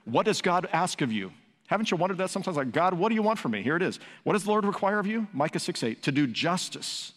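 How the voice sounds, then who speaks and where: A man preaching a sermon as pastor, emphatic, building to raised peaks and asking rhetorical questions. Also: mid-range voice. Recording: long hall reverb.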